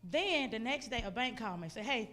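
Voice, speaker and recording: A woman giving a testimony sermon in a church, telling her story with animated delivery and acting out her own outbursts. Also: a little high, quick pace, slight background noise. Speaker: guest speaker. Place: church sanctuary.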